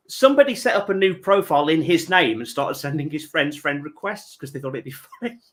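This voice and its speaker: A man's voice: on the high side, big pitch swings, quick pace, hardly any pauses, a bit bright, a little hiss or hum. A man hosting a charity livestream, telling a long prank story with chuckles and rambling asides. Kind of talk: casual chat, telling an anecdote.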